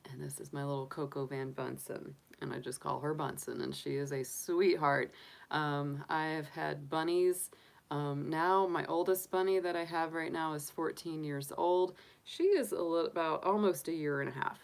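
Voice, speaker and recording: A woman hosting a casual livestream, talking softly and fondly with lots of fillers, sniffly and congested from allergies. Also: low-pitched, fairly even intonation, moderate pace, creaky. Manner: soft, doting, chatty with frequent fillers. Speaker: tarot reader and livestream host.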